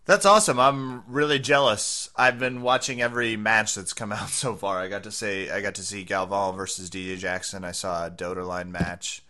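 A man's voice: lowish voice, fairly even intonation, normal speed, hardly any pauses, pushed and bright. A man co-hosting a podcast, joking and teasing in casual chat. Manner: joking, teasing, laughs often. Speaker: podcast co-host.

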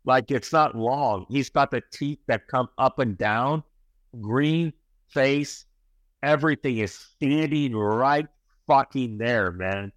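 A man's voice: medium pitch, takes it slowly, fairly bright tone, no room sound. A middle-aged man, a podcast guest, telling a long story in casual chat, rambling and swearing, tagging sentences with "right?" and "bro".

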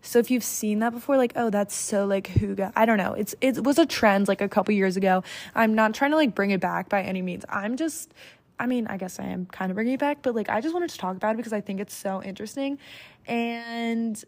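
A woman's voice: a little high, fairly quick. A young woman from the United States hosting a solo podcast in a casual, chatty way, full of fillers and self-corrections. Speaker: podcast host.

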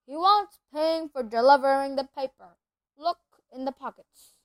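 A woman reading a storybook aloud, voicing a huge, friendly giant man who talks loudly and bluntly. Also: sits high, measured pace, no echo. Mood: hearty. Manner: loud, hearty, blunt. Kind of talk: audiobook character voice.

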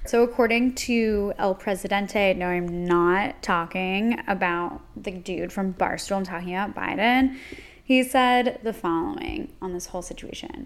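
A woman's voice: medium pitch, unhurried. A young woman co-hosting a casual news podcast, chatty, adding jokey asides between the facts. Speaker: podcast co-host.

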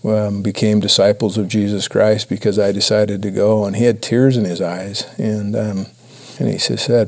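Halting earnest man, low gravelly voice. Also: flat delivery. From Idaho, USA. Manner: earnest, halting, many restarts. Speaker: church speaker. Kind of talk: personal testimony talk.

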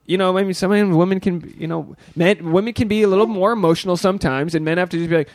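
Brief: young man, podcast co-host, talks fast in a rambling, profane, jokey way, a bit high for a man, dry close mic. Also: a little mellow, dry recording. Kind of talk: casual podcast chat.

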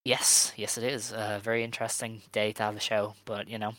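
A man hosting a casual podcast chat, talking in a relaxed, hedging way with lots of fillers. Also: on the low side, a little fast, no echo, poor audio. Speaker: podcast host.

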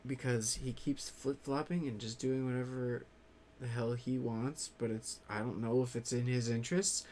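A man chatting casually to his viewers in a rambling way, swearing freely and halting often on fillers. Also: medium pitch, steady tone, a little mellow, a little hiss or hum. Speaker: vlogger.

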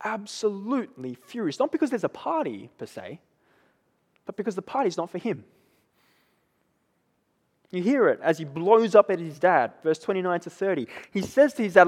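A man's voice: high voice, very animated, normal speed, long pauses, slightly rough. A man preaching a sermon who keeps checking in with his listeners by asking "right?". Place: church. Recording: long echo of a church hall.

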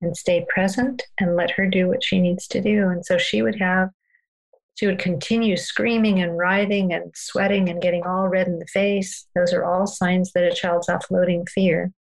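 A woman guest telling parenting stories in a calm, earnest, unhurried way during a podcast conversation. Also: lowish voice, creaky, poor audio.

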